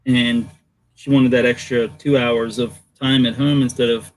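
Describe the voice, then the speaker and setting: A man telling a rambling personal story on a live video call, relaxed and unhurried. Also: medium pitch, slight background noise, poor audio. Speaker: guest on live hangout. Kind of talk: casual chat.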